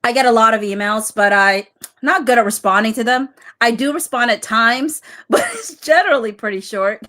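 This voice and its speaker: A woman's voice: on the high side, moderate pace, a bit bright, close to an everyday voice. A woman reading aloud a man's guarded, hesitant answers in a deposition during a live stream.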